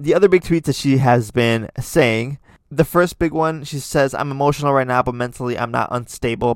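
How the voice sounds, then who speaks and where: A man's voice: mid-range voice, no echo. A man talking casually into a close microphone, reading out posts and adding his own blunt opinions. His voice sits in a middle register and the sound is dry, with no room around it. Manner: chatty, many fillers and restarts, opinionated asides. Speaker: podcast host. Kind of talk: casual commentary reading tweets.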